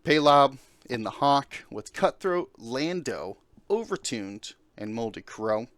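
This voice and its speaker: Man, podcast host, casual chat, smooth resonant voice, dry close sound, filler-heavy. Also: medium pitch, sing-song, slow pace, dry recording. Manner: many fillers, reads lists of game pieces.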